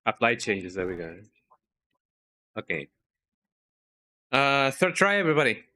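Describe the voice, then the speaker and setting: A man streaming a video game live, talking to himself in a worried, halting way and yawning now and then. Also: medium pitch, very animated, pushed and bright. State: sleepy, yawning. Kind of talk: casual live gameplay commentary.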